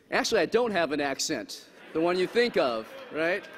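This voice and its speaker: A man's voice: a little high, moderate pace, few pauses. A man giving a humorous public talk in a lecture hall, asking the audience questions as he goes. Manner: lively, asks the audience questions. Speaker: speaker. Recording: echoey hall, faint background noise.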